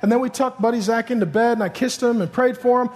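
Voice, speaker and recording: High-voiced joking pastor in a hall. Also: male voice, quick pace. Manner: animated storytelling, acts out voices, joking. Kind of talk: sermon.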